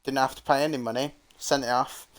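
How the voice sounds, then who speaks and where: A man's voice: medium pitch, fairly even intonation, fairly quick, a crowd in the background. A man from England, a co-host, recounting his flight step by step in a plain, repetitive, casual way. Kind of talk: casual chat.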